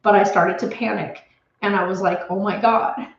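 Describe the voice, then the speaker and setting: A woman's voice: mid-range voice, steady tone, moderate pace, creaky. Woman vlogger, home office, nervous rambling storyteller near tears; roomy, slightly muffled audio. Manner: anxious, rambling retelling with many restarts. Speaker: homestead vlogger. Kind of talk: casual storytelling to camera.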